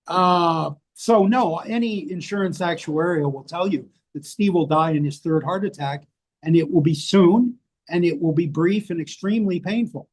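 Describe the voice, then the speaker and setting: Older american guy, kinda high voice, swears a lot, brutally honest interview chat. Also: normal speed, a little mellow, husky. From United States. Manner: blunt, profane, self-mocking. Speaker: interview guest, author. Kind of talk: candid casual conversation. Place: rainy place indoors, rain outside.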